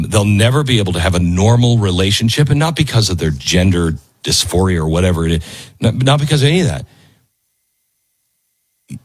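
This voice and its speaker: A man delivering opinionated commentary with a lively, up-and-down delivery. His voice has a husky edge, and he hammers his points home by repeating them. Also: mid-range voice. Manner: emphatic, lively, repeats lines for stress. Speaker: commentary show host. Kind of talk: opinionated commentary over a played video.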